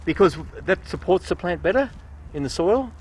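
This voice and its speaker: Upbeat nurseryman, lively voice. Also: high voice, normal speed, slight background noise. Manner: patient, upbeat explaining while digging and planting. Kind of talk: garden how-to demonstration. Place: outdoor plant nursery garden bed.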